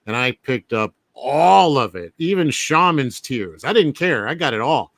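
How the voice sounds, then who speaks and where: A man's voice: mid-range voice, animated, a little slow, fairly bright tone, no echo. A man talking as a guest in a casual chat, enthusiastic and full of fillers.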